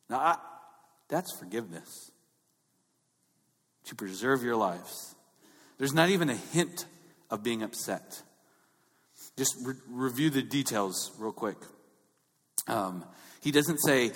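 A man preaching a sermon in an informal way, often restarting his words and growing more animated as he goes. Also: mid-range voice, moderate pace, big-room sound. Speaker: pastor.

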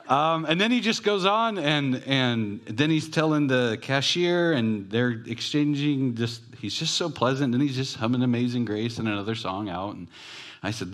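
A man's voice: medium pitch, expressive, normal speed, fairly bright tone. A male pastor preaching a sermon in a conversational, self-deprecating storytelling way.

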